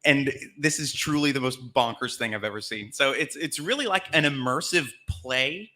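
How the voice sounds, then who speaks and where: A man's voice: mid-range voice, normal speed, bright, forceful tone. A man from Alabama hosting a live storytelling show on a theater stage, telling a comic story in a chatty way and laughing between lines. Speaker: host.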